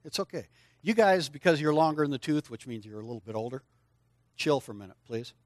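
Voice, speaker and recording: An older man with a mid-range voice talks fast, preaching to children at a church service and coaxing them to join in and answer out loud. He leads the children's lesson in a lively, coaxing way, speaking straight to the kids in a participatory sermon. The recording is studio quality with no echo.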